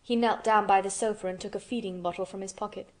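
A woman narrating a classic storybook aloud in a steady, measured way. Her voice sits at a middling pitch for a woman, calm and even in delivery. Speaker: audiobook narrator. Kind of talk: scripted narration.

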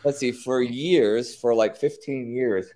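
A man's voice: mid-range voice, takes it slowly, dark tone. A middle-aged man from the United States, talking casually as an interview guest and repeating words as he thinks.

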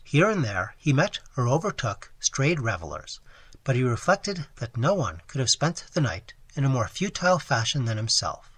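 Hoarse male audiobook narrator, lively and bright. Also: medium pitch, no room sound. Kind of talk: scripted narration.

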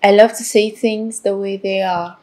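An actress playing a coy, eager employee, speaking with a Nigerian accent in a slow, flirtatious way in a film drama. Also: female voice, mid-range voice, fairly even intonation, a little mellow, natural voice.

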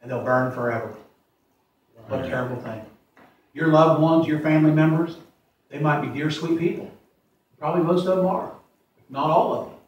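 A man in his forties preaching a sermon as pastor, plain-spoken, repeating himself and slowing down to stress verses. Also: a little high, dull audio, slight background noise. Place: church sanctuary. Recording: echoey church from far off.

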